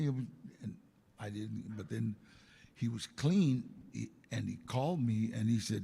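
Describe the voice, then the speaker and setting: Gravelly husky older man telling stories. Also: mid-range voice, moderate pace, pauses often, in a large hall. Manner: animated storyteller acting out quotes. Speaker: interview guest. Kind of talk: casual storytelling.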